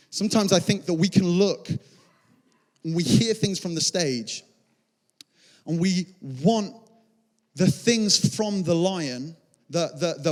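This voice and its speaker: A male pastor giving a passionate, conversational sermon, often restarting his phrases. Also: sits high. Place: church auditorium. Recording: reverberant church hall.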